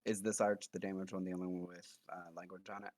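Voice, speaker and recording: A man's voice: sits low, level tone, quick pace, a little mellow, no echo. A man playing a tabletop game, asking questions in a casual way. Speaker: player.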